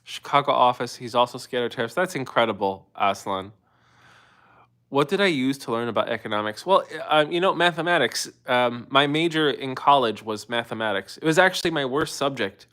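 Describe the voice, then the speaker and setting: Bright-voiced man hosting a livestream. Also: medium pitch, expressive, a little fast. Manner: talkative, rambling with restarts. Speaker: livestream host. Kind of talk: casual live-stream talk answering chat.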